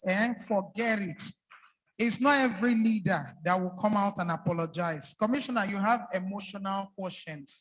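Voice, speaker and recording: Playful high-voiced Nigerian emcee in a hall. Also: male voice, fairly bright tone. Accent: Nigerian, slipping into Pidgin. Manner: playful, teasing. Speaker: master of ceremonies. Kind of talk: joking emcee banter. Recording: hall reverb.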